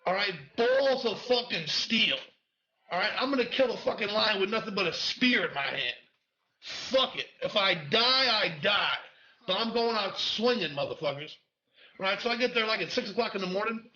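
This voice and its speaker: High-voiced, bright, animated storytelling man. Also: fast, dull audio. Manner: animated, profane, emphatic; acts out voices in quoted speech. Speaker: host telling a stand-up story. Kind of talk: casual storytelling with profanity.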